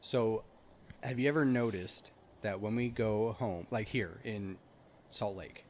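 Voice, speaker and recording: Man, podcast co-host, low-ish voice, emphatic and argumentative, faint noise behind. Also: takes it slowly. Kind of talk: casual chat.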